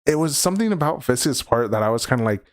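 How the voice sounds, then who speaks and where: A man's voice: mid-range voice, lively intonation, fast. A man co-hosting a podcast, chatting casually about a show and acting out scenes in quoted voices. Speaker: podcast co-host. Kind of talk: casual chat.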